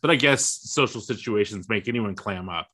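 Podcast host, male, crisp bright voice, easygoing musing delivery. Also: on the low side, moderate pace. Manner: relaxed, musing, hedging. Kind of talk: casual chat.

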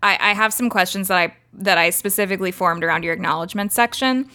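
Bright-voiced woman hosting a podcast. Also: medium pitch, quick pace. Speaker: podcast host. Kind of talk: casual podcast chat.

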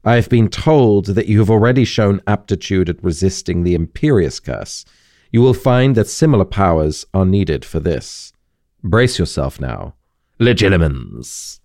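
A man's voice: low-pitched, animated, a little slow, darkish tone, no echo, clean studio sound. A man reading as a cold, stern schoolmaster. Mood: cold, controlled. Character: cold stern male teacher probing a student's mind. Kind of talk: reading a novel aloud.

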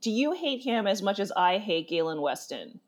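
A woman co-hosting a podcast in casual chat, playful and quick to laugh. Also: mid-range voice, over a noisy crowd. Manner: playful, laughs often, animated. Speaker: podcast co-host.

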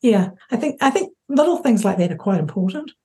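A woman co-hosting a podcast in casual chat, measured and agreeable as she explains. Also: medium pitch, animated, mellow. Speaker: podcast co-host.

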